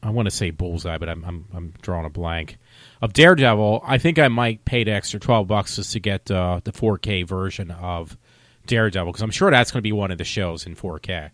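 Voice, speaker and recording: A man's voice: sits low, brisk, fairly bright tone, no echo, clean studio sound. A man vlogging a casual movie review, talking in a rambling, loose, conversational way.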